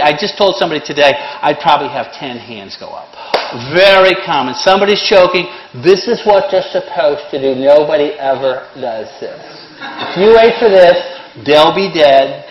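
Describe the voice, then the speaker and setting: A blunt, wisecracking middle-aged man teaches a CPR class into a microphone, and his voice sits a little high for a man. The classroom gives his voice a roomy echo, with a faint hiss underneath. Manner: sarcastic, blunt, joking, lively. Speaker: CPR instructor. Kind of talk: classroom lesson with joking asides. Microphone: handheld or worn microphone. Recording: echoey room, faint noise.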